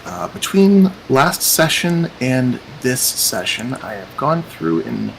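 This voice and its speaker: A man hosts a casual tabletop game as its game master. He talks in a loose, rambling way, and his pitch swings up and down a lot. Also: lively intonation, slow pace, gravelly, slight background noise, poor audio. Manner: chatty, meandering, repeats "cool".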